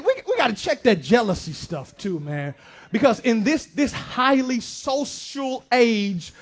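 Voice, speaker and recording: A male pastor, preaching a lively, joking sermon to his congregation with shouted bursts. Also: very high voice. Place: church sanctuary.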